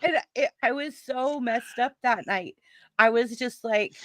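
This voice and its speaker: Animated woman telling a story, dry sound. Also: on the high side, unhurried, dry recording. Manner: animated, laughs while telling a story, acts out quotes. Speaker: stream host. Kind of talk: casual storytelling chat.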